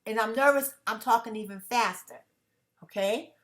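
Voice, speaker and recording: A tired woman talking fast and emphatically to her viewers in a casual vlog monologue, often checking in with "okay?". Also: a little high, a bit bright. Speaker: vlogger.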